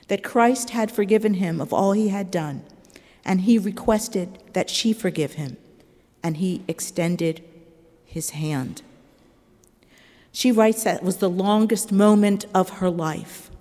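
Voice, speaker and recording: Woman preacher, measured and earnest sermon delivery, warm low voice, long church reverb. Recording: long reverb of a large hall.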